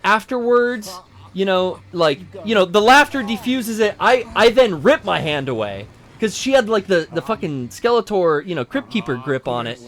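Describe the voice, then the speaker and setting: A man's voice: high voice, big pitch swings, normal speed, fairly bright tone. A man in his thirties co-hosting a game stream, telling a casual, profane, rambling story. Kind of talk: casual storytelling over gameplay.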